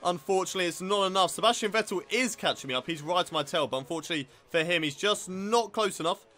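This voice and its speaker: A man's voice: high voice, quick pace, pushed and bright. A young man commentating live on his own racing game, getting frustrated and swearing at it. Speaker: gaming video host.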